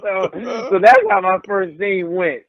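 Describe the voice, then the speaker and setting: Speaking a little slowly in a voice that sits high, a young pro wrestler tells stories in a casual interview, animatedly playing out what others said. The audio is dry and thin, like a phone call.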